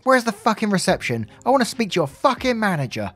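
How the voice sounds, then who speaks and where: A furious middle-aged woman driver, as a man puts her on, pitched well above a man's range and spitting out curses. She yells her demands in a hard, shrill voice over faint background music. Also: very animated, fast, heavily acted. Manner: yelling, cursing, demanding.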